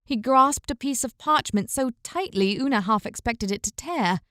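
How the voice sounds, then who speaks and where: A woman with a high voice reads a fantasy audiobook in a measured, even storytelling manner. The recording is close and dry, with no room sound at all. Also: no room sound. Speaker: audiobook narrator. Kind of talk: scripted fantasy audiobook narration.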